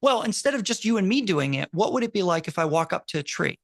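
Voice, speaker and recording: A man, a university professor, speaking in casual conversation as an animated storyteller, full of quick asides and restarts. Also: high-pitched, vocal fry, dry recording. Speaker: university professor and podcast co-host.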